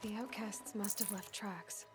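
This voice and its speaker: A woman's voice: mid-range voice, fairly even intonation, a little slow, lightly acted. A young woman voicing a level-headed hunter in a video game, dry and sardonic, with game music behind. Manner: dry, sardonic, matter-of-fact.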